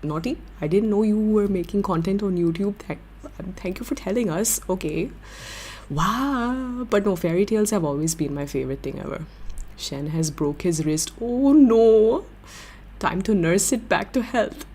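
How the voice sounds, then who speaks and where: A young woman hosting a livestream, chatting with viewers in an excitable, giggly way. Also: on the low side, normal speed, a little hiss or hum. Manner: excitable, giggly, gushing fan talk. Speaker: livestream host. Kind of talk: casual chat with viewers.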